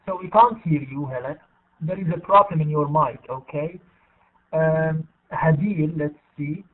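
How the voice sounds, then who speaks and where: Guy teaching english on a call, patient, repeats stuff, kinda high voice, tinny line. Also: measured pace, recorded from a distance. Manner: patient, repeats names and words. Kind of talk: online class, calling on students. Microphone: online video call. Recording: tinny phone-like online call audio.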